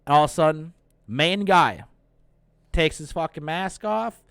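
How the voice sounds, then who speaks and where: A young man hosting a casual movie review, retelling the plot excitedly, cursing and acting out lines. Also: fairly high pitch, a little slow, smooth, no room sound. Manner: excited, profane retelling with acted-out quotes. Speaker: host.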